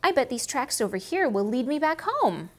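A woman's voice: high voice, sing-song, moderate pace. A woman doing a timid little lost snake. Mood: anxious polite. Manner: timid, polite, questioning. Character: small scared lost young male snake.

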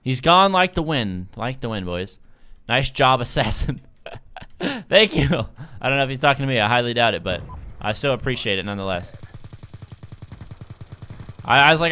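A young man giving casual, excitable gameplay commentary as a gaming YouTuber, joking and laughing often. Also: mid-range voice, normal speed, pauses often, smooth. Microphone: desk microphone.

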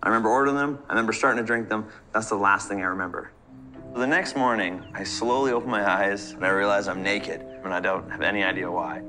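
A man's voice: on the low side, fast talker. Man narrating a comic party story. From Canada. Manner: breezy, self-mocking storytelling. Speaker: comedian. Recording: narration over background music. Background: music.

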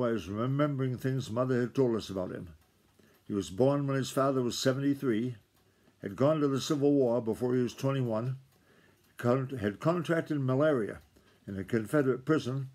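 A man reading a novel aloud to his children in a plain, unhurried storytelling voice. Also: medium pitch, a little mellow.

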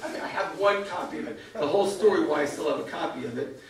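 An older American man tells a self-mocking, animated story to an audience in a community evening talk. He is fairly high for a man. His voice sounds echoey and comes from some distance off the mic. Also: quick pace. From United States. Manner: self-mocking, animated, acts out other people's lines. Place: event hall. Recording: echoey hall, far from the mic.

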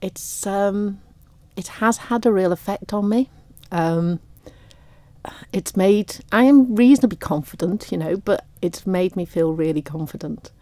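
A woman of fifty or older, a guest on a radio interview, speaking warmly and near tears, laughing often. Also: mid-range voice, unhurried, dry recording. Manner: warm, tearful, laughs often. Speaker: radio guest, raffle prize winner.

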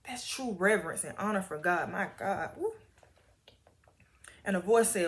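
A woman reading Bible passages aloud and commenting in a chatty, animated way. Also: lowish voice, normal speed. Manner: animated, chatty, laughs often. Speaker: Bible story teacher.

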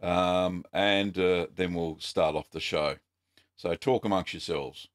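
An Australian man hosting a casual live-stream question-and-answer show, chatty and relaxed with frequent ums. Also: sits low, slow. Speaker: host.

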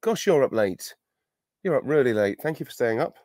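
A middle-aged man, musing through fan questions over a video call in a loose, self-deprecating way. His voice sits at an ordinary middle pitch. The sound is dry and close, with no room around it. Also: sing-song, normal speed, a little mellow, no room sound. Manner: chatty, thinks aloud, self-deprecating. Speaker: actor answering fan questions. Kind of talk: virtual Q&A panel.

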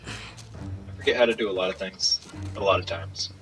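A man's voice: low voice, moderate pace, fairly bright tone, faint music behind, rough recording. A young man co-hosting a let's play, joking and reacting to the game as he plays. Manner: joking banter, reacts to gameplay. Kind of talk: casual gaming commentary.

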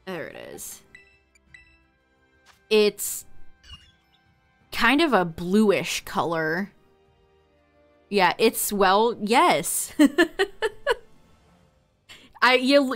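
A woman live-streaming, talking to her chat in an unhurried, casual way. She laughs often as she chats. Faint music plays quietly behind her voice. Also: medium pitch, animated.

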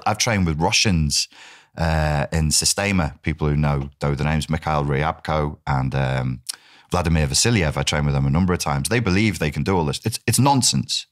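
A British man in his forties, a guest in a casual interview, telling animated stories, swearing freely and acting out quotes. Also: rumbling low. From United Kingdom.

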